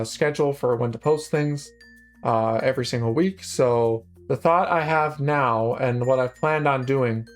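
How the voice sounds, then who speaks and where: A man in his early twenties talking off the cuff in an unscripted channel update, rambling with many restarts and filler words. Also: medium pitch. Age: early 20s. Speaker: YouTube creator.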